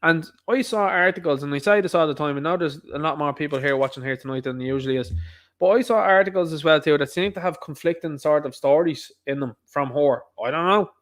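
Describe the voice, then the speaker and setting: A man hosts his own livestream in a loose, rambling talk. He keeps circling back to the same asides, and his voice sits a touch higher than most men's. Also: fast talker. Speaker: livestream host. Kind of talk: casual livestream commentary.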